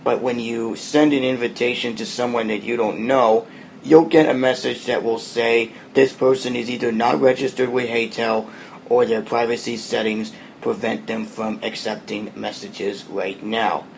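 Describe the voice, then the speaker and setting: Gravelly-voiced man demoing an app. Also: medium pitch, normal speed, slight background noise. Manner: relaxed, plain explaining tone. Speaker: podcast host demoing an app. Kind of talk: casual spoken app walkthrough.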